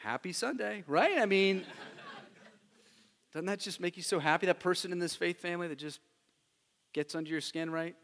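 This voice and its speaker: A bright, forceful male pastor with a high voice delivers a casual, animated sermon, tossing rhetorical questions at his congregation. His voice rings with a long reverb from a large church hall. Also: normal speed, pauses often. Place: church sanctuary.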